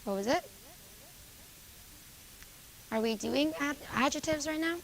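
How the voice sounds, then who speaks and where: A woman teacher going over grammar exercises with a junior high class, calling on students by name and confirming their answers. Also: expressive, unhurried, vocal fry, a little hiss or hum, rough recording. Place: school classroom.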